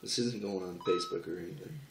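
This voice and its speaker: A man's voice: deep voice, quick pace. A man raging and cursing at a mobile game in a home video, filmed on a phone by a partner. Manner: furious, swears nonstop at the game. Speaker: gamer reacting to a mobile game. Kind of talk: casual home video rant. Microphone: phone camera held by someone else. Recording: echoey room, noisy phone recording.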